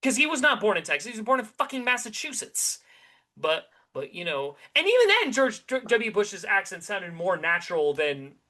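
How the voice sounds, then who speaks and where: A man co-hosting a podcast chats casually, rambling animatedly through his opinions with many restarts. His high voice swings widely in pitch at a moderate pace, sounding bright and forceful.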